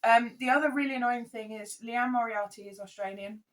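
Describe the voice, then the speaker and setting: Woman, high-pitched, animated, exasperated, podcast chat. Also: fairly quick, faint music behind. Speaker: podcast co-host. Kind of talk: casual chat.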